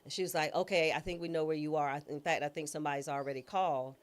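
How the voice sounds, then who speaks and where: A woman guest recounts a personal story with a low, grounded voice that stays in the lower register. She talks in a casual, informal way. She slips into other people's voices when quoting them as she tells the story. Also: very fast. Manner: lively storyteller who acts out quoted voices. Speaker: guest, former judge and trial attorney.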